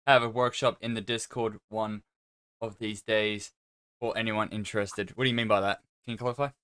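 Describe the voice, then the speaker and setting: A man's voice: fairly low pitch, level tone, fairly quick, fairly bright tone, clear, resonant tone. A man hosting a casual voice chat Q&A, reading out questions, crude and jokey with frequent swearing.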